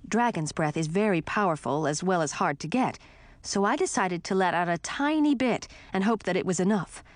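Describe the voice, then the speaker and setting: A woman narrates a fantasy audiobook in a clear storytelling manner. Her voice sits fairly low and is recorded dry and close, with no room sound. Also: lively intonation, moderate pace, no room sound. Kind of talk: scripted narration.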